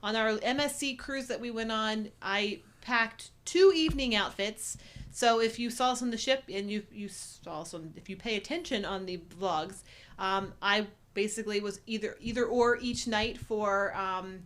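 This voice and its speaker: A woman from the United States co-hosting a casual livestream chat, telling stories in a chatty, animated way and laughing often. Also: medium pitch, normal speed. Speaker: co-host.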